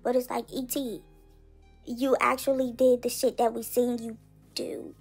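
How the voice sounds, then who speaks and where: Blunt, slangy high-voiced woman host. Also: little pitch movement, a little slow, darkish tone, slightly rough, soft background music. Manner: blunt, slangy, laughs while talking. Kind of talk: casual commentary.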